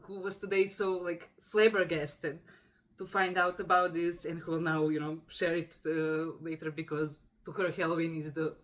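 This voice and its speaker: A woman's voice: low-pitched, level tone, moderate pace. Woman hosting, effusive. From Croatia. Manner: warm, effusive, laughs often, many fillers. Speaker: podcast host. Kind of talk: casual interview.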